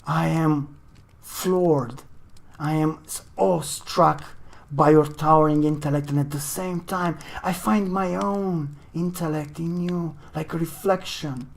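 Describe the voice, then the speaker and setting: Storyteller doing a halting, stammering troubled scholar, slow. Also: mid-range voice, steady tone, vocal fry. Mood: awed. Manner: halting, stammering, many restarts. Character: troubled man, a scholar talking to a phantom.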